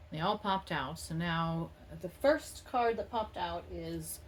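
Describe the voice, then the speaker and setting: A woman's voice: fairly low pitch, mellow, a little hiss or hum. A woman doing a casual tarot reading, talking in a playful, rambling and self-mocking way. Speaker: tarot reader.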